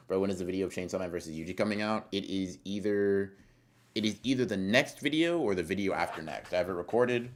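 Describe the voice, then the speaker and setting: A man's voice: deep voice, slight background noise. A man streaming live, reading chat aloud and answering in a laid-back, slangy, rambling way, swearing casually now and then.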